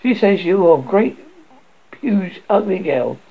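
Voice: medium pitch, animated, unhurried, creaky, pitched above the performer's own voice. Peter Pan, read aloud by a storyteller. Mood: chatty. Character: boastful boy hero, lively and cocky. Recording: dull lo-fi recording.

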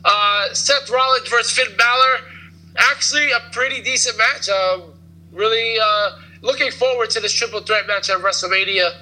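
A man's voice: high-pitched, moderate pace, sharp tone, rough recording. A man hosting a podcast, giving a casual, rambling recap with lots of fillers and jokes. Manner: rambling, filler-heavy, joking. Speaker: podcast host. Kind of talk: casual wrestling recap chat.

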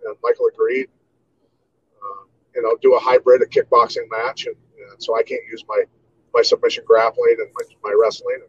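A man in his fifties from Iowa, telling stories as an interview guest in a relaxed way, with many "you know"s. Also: mid-range voice, normal speed, husky, no room sound, muffled recording. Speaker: guest, martial artist. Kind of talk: casual interview storytelling.

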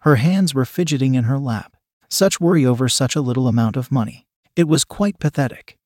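A man reading a first-person story aloud in a calm, measured, coldly sly manner. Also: mid-range voice, no echo, clean studio sound.

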